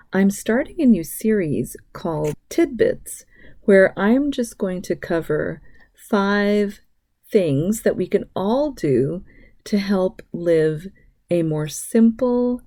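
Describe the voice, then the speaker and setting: A middle-aged woman hosting her own podcast, reading listener locations aloud and chatting casually with bursts of excitement. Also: on the low side. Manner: warm, gushing shout-outs to listeners, bursts of excitement. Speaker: podcast host. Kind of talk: casual solo podcast talk.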